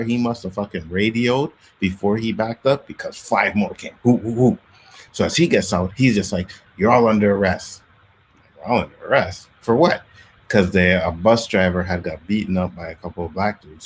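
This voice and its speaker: A man hosting a casual talk show, telling street stories from his youth in Canada with lively acted-out quotes. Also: low-pitched, slight background noise. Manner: animated storyteller, acts out quotes. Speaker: podcast host. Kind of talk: casual storytelling chat.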